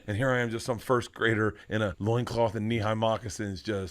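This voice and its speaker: A middle-aged man telling wild comic stories in a loud, rowdy way, often laughing and acting out other people's voices. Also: fairly low pitch, steady tone, fast talker, hardly any pauses. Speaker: comedian. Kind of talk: stand-up and podcast storytelling.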